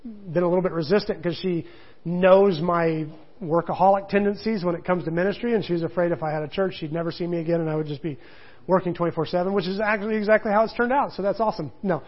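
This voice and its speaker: A male pastor preaching a sermon in a rambling, animated storytelling way, full of restarts. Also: high-pitched, quick pace. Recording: muffled lo-fi recording.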